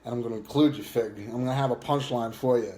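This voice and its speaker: A live stream host from Long Island, with a New York accent, rants in casual live chat, taunting and mocking a viewer with lots of fillers. His mid-range voice is warm and fast.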